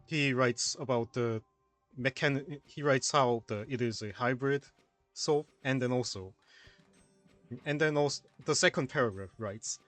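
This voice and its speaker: Halting man reading puzzle notes. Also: medium pitch, fairly bright tone, no echo, soft background music. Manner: halting, reads notes aloud slowly. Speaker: co-host of a puzzle showcase stream. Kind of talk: casual commentary.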